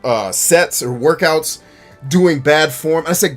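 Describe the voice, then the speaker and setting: A man's voice: fairly high pitch, slow. Blunt, profane streamer man, faint music. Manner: blunt, profane, laughs often, bursts into shouting when acting out scenes. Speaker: streamer and gaming show host. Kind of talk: casual live-stream chat.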